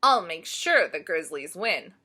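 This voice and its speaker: A woman's voice: fairly low pitch, very animated, unhurried, pushed and bright, slightly rough, heavily acted. A woman voicing a cheerful, literal-minded housekeeper in a children's storybook, speaking politely and matter-of-factly. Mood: earnest. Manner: earnest, polite, matter-of-fact.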